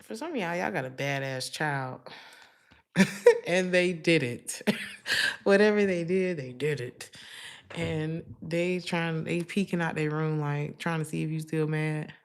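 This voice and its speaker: A woman's voice: low-pitched, measured pace, gravelly, smooth. A woman giving a casual tarot reading to her viewers, chatty and slangy, laughing often between her thoughts. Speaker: tarot reader.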